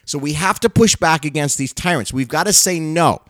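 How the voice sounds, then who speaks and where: A man's voice: fairly high pitch, moderate pace, no echo. A middle-aged male pastor and show host giving an urgent, impassioned monologue that turns into fervent prayer.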